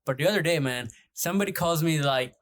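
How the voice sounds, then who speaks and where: A man's voice: on the high side, fast talker, a bit bright. A man chatting as a podcast guest, rambling with lots of filler words and cursing freely. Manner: rambling, heavy on "like" and "dude", swears freely. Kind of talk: casual chat.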